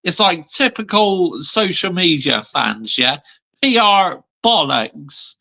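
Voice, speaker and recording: A man's voice: sits high, very animated, slow, gravelly, sharp tone. A man in his thirties ranting on a fan vlog, heated and sweary, still seething after a defeat. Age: 30s. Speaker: football fan vlogger.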